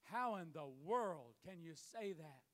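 A man preaching a sermon as pastor, building to shouted emphasis, recorded in a church. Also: a little high, animated, takes it slowly. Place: church sanctuary. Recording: long hall reverb.

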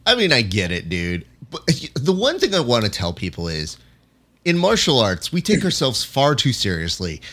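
Animated man giving a mock critique. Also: mid-range voice, normal speed. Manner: animated, mock-critical, acts out quotes in silly voices. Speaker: podcast host reviewing a guest's clip. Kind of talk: casual critique chat.

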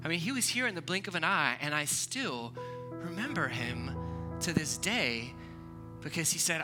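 A man, preaching a sermon in a conversational, animated storytelling way. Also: fairly high pitch, moderate pace, over music. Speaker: pastor.

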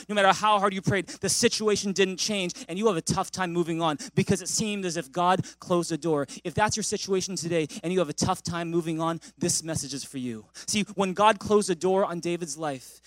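A man pastor preaching a sermon, telling a story in an animated way with frequent restarts. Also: high voice, no echo.

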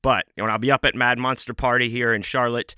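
A man hosting his own podcast, talking in a laid-back, rambling way with plenty of fillers as he gives shout-outs. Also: mid-range voice, flat delivery, fast, clear, resonant tone, no echo, studio quality. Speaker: podcast host.

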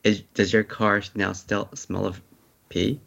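A man with a low, gravelly and husky voice asks blunt, teasing questions in a casual chat. He speaks very slowly, and his pitch swings widely. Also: level tone, a bit bright, lo-fi sound.

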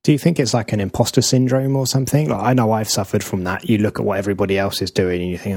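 A man's voice: on the low side, fairly even intonation, racing, hardly any pauses, a little mellow, breathy edge, no echo. Man, podcast co-host, easygoing reflective chat, dry close mic.

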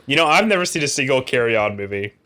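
A man co-hosting a book podcast in an easy, casual chat. His voice is bright and forward, and he jokes, laughs often and trails off into fillers. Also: mid-range voice, expressive, quick pace. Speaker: podcast co-host. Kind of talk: casual chat about a novel.

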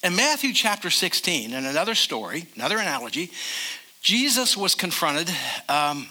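Bright-voiced older male pastor preaching. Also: fairly high pitch, sing-song. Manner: emphatic preaching, slowing down on key phrases. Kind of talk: sermon.

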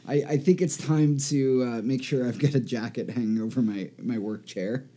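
Easygoing man with a warm, dark voice. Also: mid-range voice, fairly even intonation, normal speed, husky. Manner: easygoing, laughs readily. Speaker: podcast co-host. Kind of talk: casual chat.

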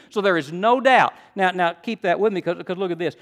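An older man preaching a sermon, teaching in a friendly way and rising to loud, emphatic stresses. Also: high voice, fairly quick. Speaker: pastor.

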